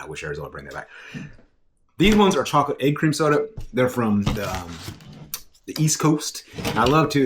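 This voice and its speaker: A middle-aged man with a fairly low voice chats his way through a snack tasting, rambling and poking fun at himself. There's a faint hum of noise behind him. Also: fairly bright tone. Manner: chatty, rambling and self-mocking, laughs often. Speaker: food reviewer. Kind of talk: casual food-tasting vlog.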